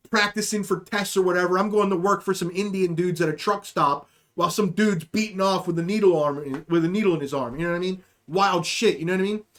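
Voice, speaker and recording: A man's voice: high-pitched, a bit bright. A man hosting a podcast, telling a rambling, profane, jokey story in a casual monologue. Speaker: podcast host.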